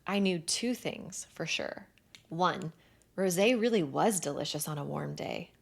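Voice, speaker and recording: A woman narrating a first-person romance novel in an expressive, animated way with breathy asides. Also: sits low, unhurried. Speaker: audiobook narrator.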